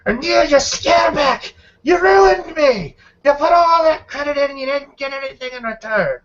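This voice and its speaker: A man voicing a hot-tempered male gambler who shouts accusations, on a dull lo-fi recording. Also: very high-pitched, expressive, moderate pace, crowd noise, pitched above the performer's own voice. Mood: furious.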